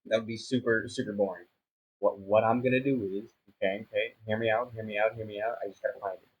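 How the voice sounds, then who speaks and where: A man's voice: on the low side, steady tone, quick pace, slightly rough, highs cut off. A young man giving casual, self-mocking commentary on a sandbox building game, flustered and rambling as he fumbles along. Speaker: gaming YouTuber.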